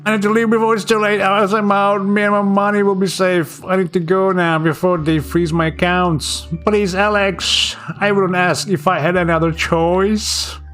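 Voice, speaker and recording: A man voicing a frantic adult man who begs for a favor, in a high, strained, goblin-like voice. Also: flat delivery, moderate pace, few pauses, fairly bright tone, soft background music. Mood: desperate. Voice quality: goblin-like put-on voice.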